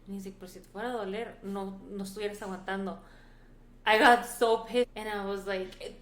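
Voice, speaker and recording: A podcast co-host in her thirties, a woman with a middle-pitched voice who throws herself into her anecdotes. She swears without a second thought and moves easily between English and Spanish. The room gives her voice a noticeable echo. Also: fast talker. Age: 30s. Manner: animated storytelling, switches between English and Spanish, swears freely. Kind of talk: candid casual chat. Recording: roomy echo.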